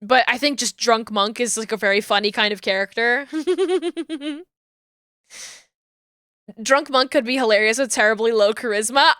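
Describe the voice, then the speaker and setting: A chatty woman streamer whose natural voice sits high and sounds bright. Her tone is smooth and clean, and the sound is dry and close. She talks casually and laughs often. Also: no echo. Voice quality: high natural register, finds low voices hard. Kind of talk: casual chat while streaming a game.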